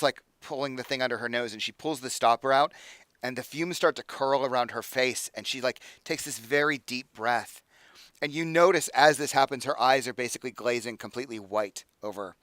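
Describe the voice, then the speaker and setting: A man's voice: medium pitch, a bit bright, no room sound. Rambling, casual male game master. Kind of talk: narrating a tabletop game.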